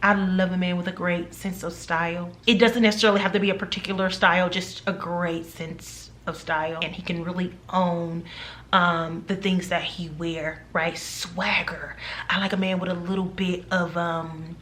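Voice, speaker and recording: A woman's voice: fairly low pitch, little pitch movement, moderate pace, fairly bright tone, a little hiss or hum. A woman in her forties chatting casually to her viewers, playful and emphatic with teasing asides. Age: 40s. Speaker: vlogger. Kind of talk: casual chat to camera.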